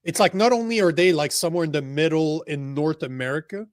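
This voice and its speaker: Stream host, French-native man, emphatic and crude, slightly high pitch, dry mic. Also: brisk, dry recording. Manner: profane, blunt and emphatic. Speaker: livestream host. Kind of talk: casual political chat.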